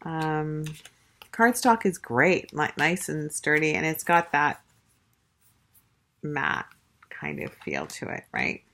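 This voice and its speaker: A woman's voice: low voice, big pitch swings, slow pace, vocal fry, long pauses, fairly bright tone. A woman casually reviewing a tarot deck, gushing and chatty, with lots of fillers and restarts. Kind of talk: casual show-and-tell review.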